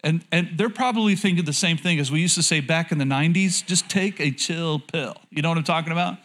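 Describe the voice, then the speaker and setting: A man with a somewhat high voice delivers a sermon in a conversational, candid tone. He often repeats phrases and throws questions out to the congregation. A light, joking manner runs through his preaching. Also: fast talker, a bit bright. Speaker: pastor.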